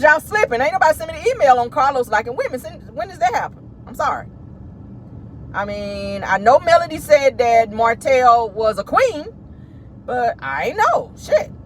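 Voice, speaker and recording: Over a little background noise, a woman with a somewhat high voice delivers celebrity gossip commentary on her vlog. Her manner is sassy and petty, and she addresses her audience as "honey" and "child."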